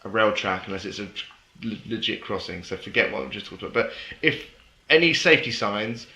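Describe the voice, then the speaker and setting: Bright-voiced man in an echoey room. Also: fairly low pitch, lively intonation, a little fast. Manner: storytelling, laughs often, mimics voices. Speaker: podcast co-host. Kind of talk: casual chat. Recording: echoey room, faint hiss.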